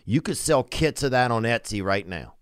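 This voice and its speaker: A man hosting a podcast, talking loosely and warmly to a caller, rambling with laughing asides. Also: mid-range voice, lively intonation, moderate pace, smooth, dry recording, clean studio sound. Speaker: podcast host. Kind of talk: casual podcast chat.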